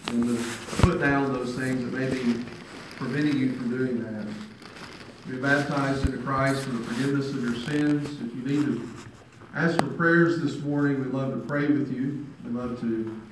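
A man's voice: mid-range voice, background noise. Preacher man in an echoey hall. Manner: conversational storytelling, earnest appeals. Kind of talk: sermon. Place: church hall. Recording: very echoey hall, mic at a distance.

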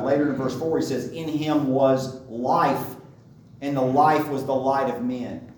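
A man's voice: mid-range voice, darkish tone, a little hiss or hum. A man preaching a sermon, emphatic and driving his points home by repeating them. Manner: emphatic, repeats key phrases. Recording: very echoey room, mic far off.

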